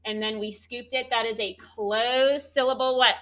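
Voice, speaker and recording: A woman teaching a third grade spelling lesson, spelling words out slowly and clearly letter by letter. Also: fairly high pitch, steady tone, pushed and bright.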